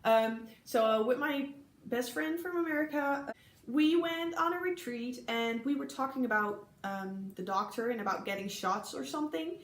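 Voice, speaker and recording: Young Dutch woman vlogger telling stories, bright, slightly high, giggly, full of fillers; echoey room. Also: normal speed. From Netherlands. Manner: chatty, giggly, many ums, acts out quoted people. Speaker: vlogger recalling an exchange year. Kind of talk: casual storytelling to camera.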